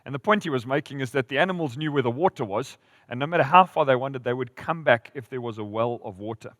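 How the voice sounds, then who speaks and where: A man preaching a sermon as pastor, telling stories with lively rises and drops in volume. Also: medium pitch, fast talker, dry recording, studio quality, long reverb tail. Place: church hall.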